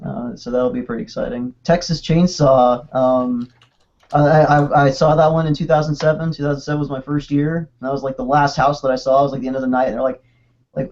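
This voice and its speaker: A man casually chatting on a podcast, excitable and rambling, with quick restarts. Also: medium pitch. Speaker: podcast co-host. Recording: dull lo-fi podcast audio.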